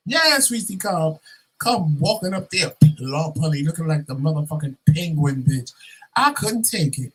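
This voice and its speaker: A man's voice: on the high side, very animated, moderate pace, fairly bright tone, breathy edge, rough recording. A man hosting a vlog, telling a rant story in a sassy, profane, dramatic way and acting out both sides of it. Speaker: vlog host.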